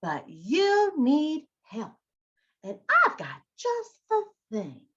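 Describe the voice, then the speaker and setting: Lady doing a sly fox, high and coaxing, kinda salesy, muffled recording. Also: huge pitch swings, extremely slow, a bit bright, full character voice. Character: sly scheming fox, smooth-talking trickster.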